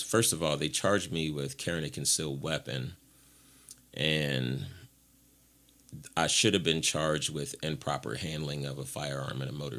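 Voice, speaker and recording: This man's voice sits extremely low yet sounds a bit bright. A podcast guest from Ohio, USA, he tells his life story in a frank, rambling, candid way, acting out what other people said to him.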